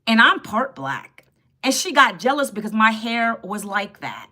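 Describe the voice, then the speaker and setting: Woman in her 50s doing a live stream on her phone, bright voice, chatty and a bit sassy with the chat. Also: fairly high pitch, big pitch swings, measured pace. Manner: chatty and sassy, greets viewers and answers chat. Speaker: livestream host.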